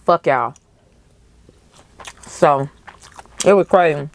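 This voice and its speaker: Podcast host, young woman, low voice, passionate casual movie reaction. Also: extremely slow. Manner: animated, emotional, profane, slangy.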